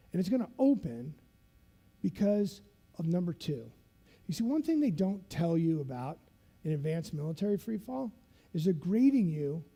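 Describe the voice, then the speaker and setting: A man giving a motivational keynote at a conference, telling a story in an animated way and acting out scenes with sound effects. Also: sits high. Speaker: keynote speaker. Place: conference stage.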